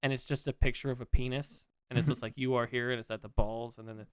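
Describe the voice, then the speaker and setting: A man co-hosting a casual podcast, telling stories in an animated, rambling way. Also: mid-range voice, quick pace, smooth, no room sound, studio quality. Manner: animated, rambling, laughs at his own stories. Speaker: podcast co-host. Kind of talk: casual chat.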